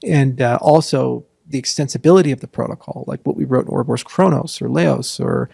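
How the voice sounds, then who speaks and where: A man answers interview questions in a gravelly, husky voice, running through lists and dropping sarcastic asides. The sound is dry and close, with no room around it, and his pitch sits in the middle. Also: mellow, no room sound. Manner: rambling, sarcastic asides, lists points quickly. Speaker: interview guest. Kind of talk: casual interview talk.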